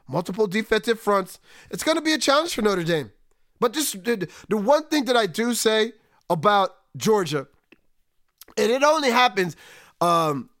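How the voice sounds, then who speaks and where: A man hosting a solo sports podcast, talking animatedly and swinging between excited highs and low, resigned asides. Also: no room sound, studio quality. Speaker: podcast host.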